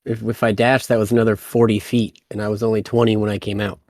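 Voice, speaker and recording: A man playing a tabletop game, talking loudly and eagerly in casual play. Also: on the low side, flat delivery, quick pace. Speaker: player.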